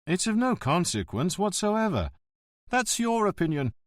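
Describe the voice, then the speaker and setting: A man reading an audiobook, voicing a pompous, self-important male post office director in a shrill, high voice. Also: sing-song, measured pace, no room sound, studio quality.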